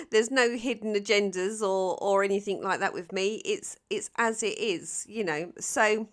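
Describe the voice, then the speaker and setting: A woman with a South London Cockney accent talks through a tarot reading at an unhurried pace. She is chatty and playful, often pausing on ums and starting her sentences over. Her pitch sits in an ordinary middle range. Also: expressive. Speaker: tarot reader. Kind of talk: casual tarot reading to camera.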